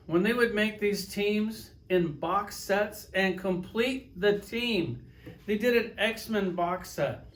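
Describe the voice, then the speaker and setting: Man, toy reviewer, high voice, profane, sarcastic, storytelling vlog style. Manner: riffs with acted-out quotes. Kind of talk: casual vlog rant and review.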